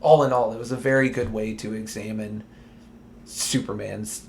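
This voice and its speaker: Brief: laid-back male podcast co-host, animated storyteller. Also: lowish voice, normal speed, creaky, a little hiss or hum. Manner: animated, laughs often. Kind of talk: casual chat.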